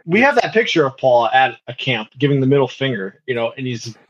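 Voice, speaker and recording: A man's voice: medium pitch, sing-song, a little fast, slightly rough, dull audio. A young man co-hosting a podcast, telling stories casually, swearing and laughing. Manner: laid-back storyteller, swears, laughs. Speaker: podcast co-host. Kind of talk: casual chat.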